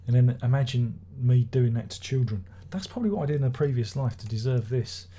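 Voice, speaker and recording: A music reviewer delivers a casual spoken album review that rambles and drips with sarcasm, full of swearing and restarted sentences. His voice is medium-pitched and dark with a breathy edge, and he talks a little fast.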